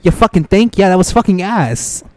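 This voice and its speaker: A man's voice: sits high, expressive, normal speed, darkish tone. A young man giving profane, exasperated reaction commentary, ranting and mocking what he reads aloud. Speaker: commentary streamer.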